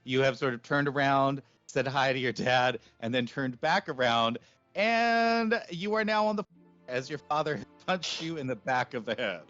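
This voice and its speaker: A man narrating a tabletop game as game master, unhurried and filling gaps with "um" and laughter. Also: mid-range voice, lively intonation, fairly bright tone, no echo, dull audio, faint music behind.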